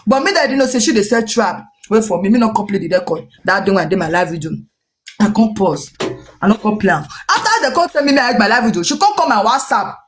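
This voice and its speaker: A woman speaking in a Nigerian Pidgin English accent pours out a long, rambling account at a very fast clip, circling back over the same points. She acts out snippets of what others said as she goes. Her voice sits at a middling pitch for a woman. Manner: rambling, repetitive, animated retelling with quoted dialogue. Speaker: social media personality. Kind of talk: gossipy storytelling recounting a dispute.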